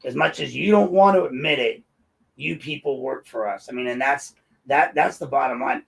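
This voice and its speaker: A man's voice: medium pitch, moderate pace, gravelly, rough recording. A man hosting his own show, ranting in a combative and mocking commentary. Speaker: host and local activist.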